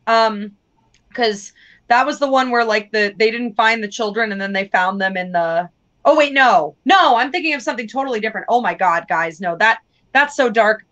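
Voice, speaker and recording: A woman joins a casual livestream as a guest, her voice slightly high. She rambles, restarts and often loses her thread, with a lot of "like" in her talk. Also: lively intonation, normal speed, a bit bright, lo-fi sound. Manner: rambling, loses her train of thought, says 'like' often.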